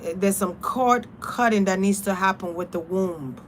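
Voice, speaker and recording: A young adult woman spiritual reader talking in a casual vlog, blunt, animated and freely profane. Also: mid-range voice, moderate pace, slight background noise.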